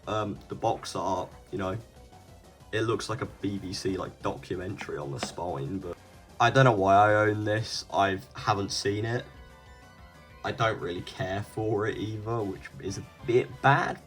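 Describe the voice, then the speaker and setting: A young British man chatting casually as a video host, jokey and rambling, dropping into mumbles and then bursting out louder. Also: on the low side. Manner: jokey, rambling, swings between flat mumbles and loud bursts. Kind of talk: casual chat.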